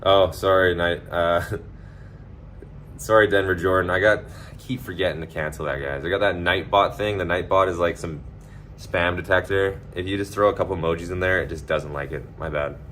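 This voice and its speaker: A man with a very low voice rambles through a casual livestream chat, loose and profane, full of likes and you knows. A faint hum of noise sits under his voice. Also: fairly even intonation, moderate pace, a bit bright.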